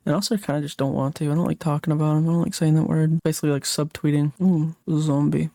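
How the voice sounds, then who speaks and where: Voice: medium pitch, dark tone, no room sound, studio quality. A young adult livestreamer chatting casually late at night while gaming, rambling and reading chat comments aloud before answering them.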